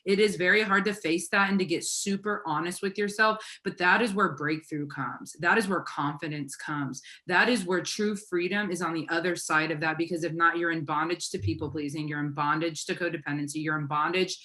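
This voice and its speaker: Earnest woman life coach, lowish voice. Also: brisk, hardly any pauses, sharp tone. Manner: earnest, emphatic, motivational. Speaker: guest, faith-based life coach. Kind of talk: podcast conversation.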